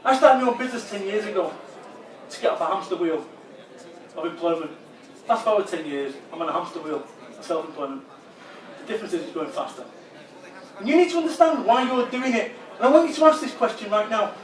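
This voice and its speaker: A man's voice: high-pitched, fairly quick, long pauses. A man from England, giving a punchy, blunt motivational talk that he spices with swearing. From northern England. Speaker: motivational speaker. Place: large expo hall. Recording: roomy hall, voice far from mic.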